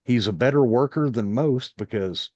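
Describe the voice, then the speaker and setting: A man's voice: mid-range voice, moderate pace, darkish tone, no room sound. A man on a wrestling chat panel, speaking in a blunt, dry way. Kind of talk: casual chat. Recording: dull lo-fi mic.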